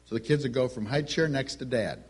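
A middle-aged man preaching a sermon, telling stories with lively delivery and acting out the voices of the people in them. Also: medium pitch, a little fast, slightly rough. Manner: animated storytelling, acts out quoted voices.

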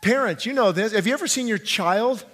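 A male pastor preaching a sermon, swinging between hushed pleading and fervent shouting and repeating phrases for emphasis. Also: sits high, expressive, a little fast, big-room sound. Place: church sanctuary.

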